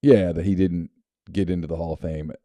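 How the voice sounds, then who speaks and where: A Southern US man co-hosts a sports podcast and tells relaxed, unhurried stories. His voice is very deep and very dark and mellow. The recording is dry and close to the mic. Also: dry recording. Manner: relaxed anecdotal storyteller. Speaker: podcast co-host. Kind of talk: casual sports chat and ad reads.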